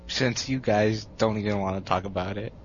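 A man's voice: lowish voice, fairly even intonation, normal speed. A young man with a stuffy nose, chatting casually and joking at his own expense. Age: young adult. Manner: laid-back and self-mocking, laughs often. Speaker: podcast co-host. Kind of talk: casual group chat over mics. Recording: dull lo-fi mic with faint hum.

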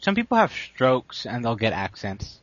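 A man's voice: medium pitch, sing-song, normal speed, fairly bright tone, muffled recording. A young man co-hosting a casual podcast, rambling and poking fun at himself. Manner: rambling, self-mocking. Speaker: podcast co-host. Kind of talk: casual chat.

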